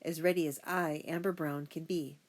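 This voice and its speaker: Woman narrating an audiobook, lowish voice. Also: normal speed. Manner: steady storytelling voice. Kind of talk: first-person audiobook narration.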